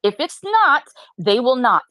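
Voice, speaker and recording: A woman with a fairly high voice accuses a caller on a live stream. She swears and presses him hard. The sound is close and dry. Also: big pitch swings, measured pace, bright, forceful tone, dry recording. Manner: profane, accusatory. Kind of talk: heated live stream argument.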